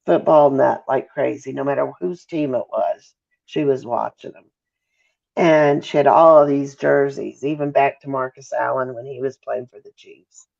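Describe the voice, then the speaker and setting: A woman's voice: a bass voice, normal speed, creaky, darkish tone. A middle-aged woman, a mother giving an emotional interview who often halts, apologizes and loses her thread. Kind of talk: emotional interview over a call. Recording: dull, lo-fi call audio.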